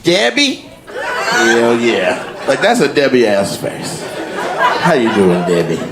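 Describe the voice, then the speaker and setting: A man doing stand-up crowd work, teasing audience members with quick-fire questions. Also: mid-range voice, sing-song. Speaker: stand-up comedian. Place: comedy club stage. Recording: echoey live venue with loud crowd laughter.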